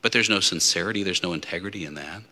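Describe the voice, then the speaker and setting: A man's voice: sits low, fast talker, bright, forceful tone. A man preaching as a deacon at a Lenten mission, talking conversationally with asides and hypothetical stories. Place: church. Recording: long church reverb.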